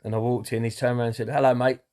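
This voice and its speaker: Talking to camera about his recovery, this man is earnest and open, full of filler words and occasional swearing. He speaks very fast in a medium-pitched, dark-toned voice with a completely flat delivery.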